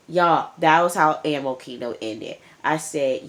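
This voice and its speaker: A young woman recapping a TV episode in casual chat, animated and emphatic, repeating lines for effect. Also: deep voice, unhurried, few pauses. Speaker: TV show reviewer.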